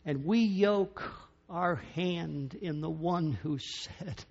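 A man preaching from the pulpit, his voice sitting a touch high for a man. He takes his time and leans on long pauses, swinging between loud declarations and hushed, drawn-out phrases. The recording sounds dull and lo-fi. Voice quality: slow, dramatic delivery with big swings in loudness and long pauses. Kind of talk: sermon.

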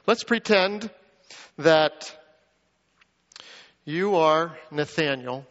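A high-voiced man preaches a lively sermon and acts out the quoted lines with a lift in his voice. His voice carries a long reverb, as if he is in a large church. The sound is dull and muffled. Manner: animated, acts out quoted lines with rising pitch. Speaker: pastor.

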